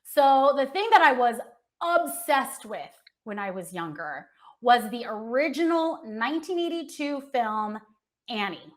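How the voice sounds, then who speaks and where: A woman's voice: fairly high pitch, big pitch swings, a little slow. An American woman hosting a casual entertainment chat show, talking with gushing enthusiasm. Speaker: host.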